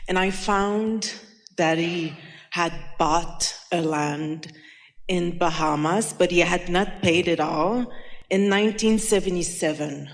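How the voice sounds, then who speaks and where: A woman from the audience speaks into a handheld mic, telling a personal story before her question. She talks slowly and haltingly, with many fillers and restarts. Long reverb from a big hall trails her words. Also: lowish voice. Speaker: audience member asking a question.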